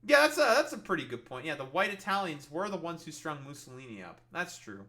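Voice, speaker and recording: A man ranting over a video he's reacting to, sarcastic and exasperated, swearing constantly. His voice sits a bit high and sounds bright and forceful. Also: sing-song, brisk. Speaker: commentary streamer. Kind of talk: profane reaction commentary.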